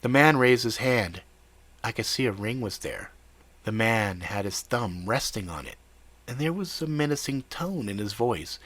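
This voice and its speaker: A man reading a first-person story aloud in a steady, conversational way. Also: fairly low pitch, normal speed, no room sound. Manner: steady, conversational narration with casual swearing.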